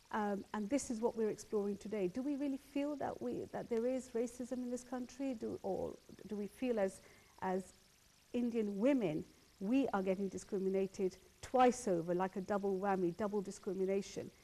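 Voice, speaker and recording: A woman's voice: medium pitch, warm tone. A woman hosting a phone-in talk show, speaking earnestly and repeating words as she builds her points. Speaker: host.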